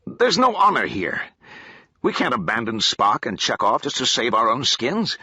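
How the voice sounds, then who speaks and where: A man's voice: medium pitch, sing-song, moderate pace, bright, forceful tone, slightly rough, no room sound, exaggerated voice. A man reading an audiobook, voicing a proud, stubborn male alien ex-soldier who talks bluntly and hotly about honor, on a dull, dry lo-fi recording. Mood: indignant.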